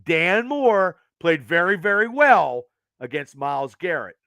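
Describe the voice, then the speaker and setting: A man hosting a live show from home, ranting angrily and profanely, worked up and talking in fast bursts. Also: high-pitched, sing-song, creaky, pushed and bright, no room sound, studio quality. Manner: profane, agitated, fast rants. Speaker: podcast host. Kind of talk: angry sports rant to live chat.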